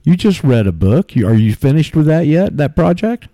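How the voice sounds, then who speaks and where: A man's voice: fairly high pitch, sing-song, moderate pace, mellow, no room sound, clean studio sound. A man hosting a radio talk show, speaking in a plainspoken, easygoing way and asking his guest questions. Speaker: radio host.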